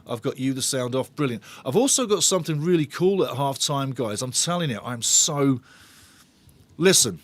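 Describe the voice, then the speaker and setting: A man's voice: mid-range voice, expressive, normal speed. A man hosting a live football watch-along, chatting with viewers in a bantering, sarcastic way. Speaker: host of a football fan watch-along channel.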